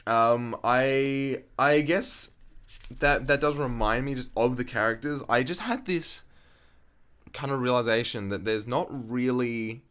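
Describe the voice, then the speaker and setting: A man's voice: mid-range voice, a little slow, fairly bright tone, clean tone. A man co-hosting a podcast, chatting casually about a film in a loose, swearing way, full of restarts and laughs. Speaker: podcast co-host. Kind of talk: casual film discussion chat.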